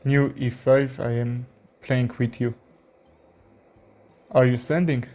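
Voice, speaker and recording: A chess streamer from Armenia gives live commentary in halting, Armenian-accented English packed with fillers. His voice is mid-range and mellow, with fairly even intonation.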